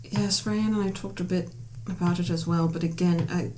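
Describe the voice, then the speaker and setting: A woman player speaking in character in a tabletop game, hesitant and halting. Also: lowish voice, steady tone, a little mellow, a little hiss or hum. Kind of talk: in-character tabletop role-play.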